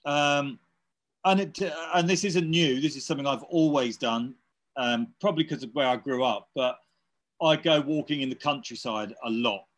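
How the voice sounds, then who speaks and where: A man in his fifties chats casually in an interview. He rambles and restarts, pads his talk with fillers, and speaks at a middle pitch. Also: moderate pace, a bit bright. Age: 50s. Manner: rambling, many fillers and restarts, laughs while telling stories. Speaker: interviewee, electronic musician. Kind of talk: casual chat.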